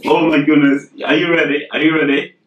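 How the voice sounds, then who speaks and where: A man's voice: on the high side, little pitch movement, brisk, fairly bright tone, far from the mic, lo-fi sound. A young man gushing through an unboxing vlog. He keeps exclaiming and repeating himself. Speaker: vlogger. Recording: echoey room, voice off mic, faint noise.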